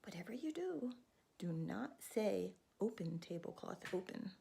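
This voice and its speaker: A woman doing a frantic, high-pitched magic bird. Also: big pitch swings, measured pace, vocal fry, warm tone, slight background noise. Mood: warning. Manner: pleading, high and urgent.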